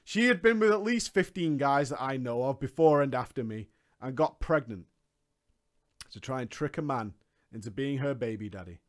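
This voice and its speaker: A man's voice: mid-range voice, animated, normal speed. A man reading a story aloud and breaking into mocking asides, laughing often as he comments.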